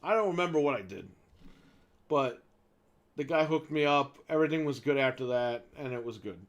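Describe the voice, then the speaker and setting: The audio is dull, and the man speaks at medium pitch and normal speed. As co-host of a gaming show, he casually tells a long story, animated and swearing freely while acting out the people involved.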